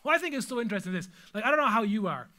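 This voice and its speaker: A man's voice: sits high, animated, racing, sharp tone. A man preaching a sermon as pastor, telling stories with humor and animation.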